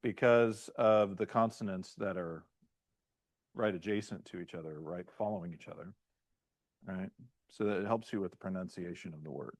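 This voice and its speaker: A man who is a pastor, teaching a class in a halting lecture style and often checking in with "right?" and "okay?". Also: sits low, no room sound. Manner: halting, restarts mid-phrase.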